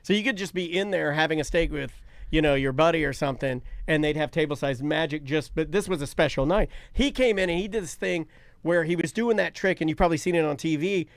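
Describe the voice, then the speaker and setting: A man's voice: a little high, quick pace, no room sound, studio quality. A middle-aged man co-hosting a casual livestream podcast, chatty and enthusiastic, laughing often. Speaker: podcast co-host.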